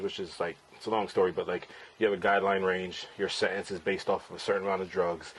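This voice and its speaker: Casting note: man in his forties, fairly deep voice, casual blunt podcast storyteller who swears freely. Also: slight background noise, rough recording. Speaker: podcast host and father. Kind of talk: candid personal storytelling.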